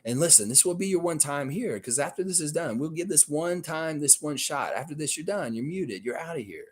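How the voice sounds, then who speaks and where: A man's voice: on the high side, lively intonation, fairly quick. A man with a Southern American accent, streaming live and reading chat comments aloud, ranting in a heated, blunt and profane way. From United States and Canada. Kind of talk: casual live-stream rant.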